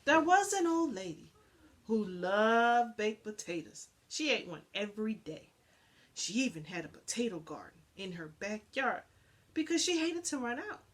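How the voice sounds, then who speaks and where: A woman reading a children's picture book aloud, telling it in an animated, expressive way. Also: medium pitch, moderate pace. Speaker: storybook reader.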